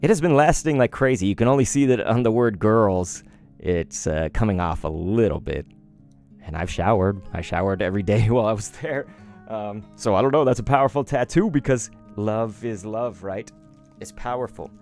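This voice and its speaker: A man's voice: lowish voice, normal speed, soft background music. Chatty man streaming card openings. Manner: chatty and rambling, excitable outbursts. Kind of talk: casual live-stream chat.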